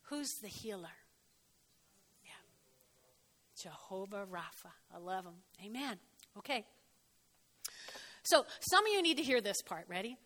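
A middle-aged woman giving a lively sermon, animated and often laughing, swinging from loud to soft. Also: medium pitch, a little slow, pauses often. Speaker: preacher.

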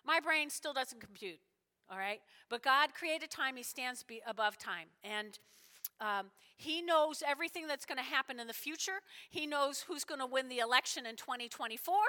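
A woman's voice: high-pitched, animated, normal speed, pushed and bright. A woman preaching a sermon, telling a story and acting out the voices of the people in it. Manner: storytelling, acts out quoted voices, emphatic. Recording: long reverb of a large hall.

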